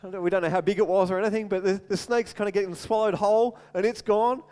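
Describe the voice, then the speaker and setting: A man preaching a sermon as animated storytelling, acting out voices and often repeating words, in a large hall with long reverb. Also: sits high, fast, smooth.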